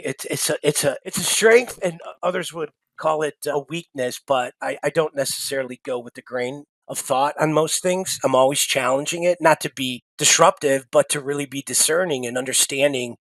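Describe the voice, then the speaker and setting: A middle-aged man, a sales executive, telling stories as an interview guest, animated, with frequent restarts. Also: fairly high pitch, moderate pace, few pauses, no echo. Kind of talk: casual storytelling interview.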